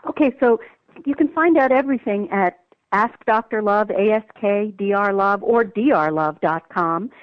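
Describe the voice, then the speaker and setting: A woman, a guest author, tells a personal story with lively emphasis while calling in to an interview. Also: medium pitch, normal speed, no echo. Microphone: telephone. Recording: tinny phone line.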